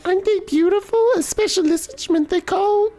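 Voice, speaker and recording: A man voicing a bright, eager young girl in a breathy falsetto while reading game dialogue aloud. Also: moderate pace. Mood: cheerful.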